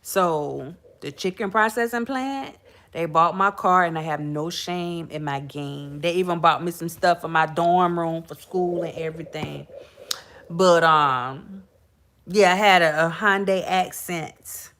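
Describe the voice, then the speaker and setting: Her voice is lowish and a bit bright, and she talks a little slowly. She's a middle-aged woman hosting a podcast, spinning casual stories for viewers, laughing frequently and chattily calling them y'all.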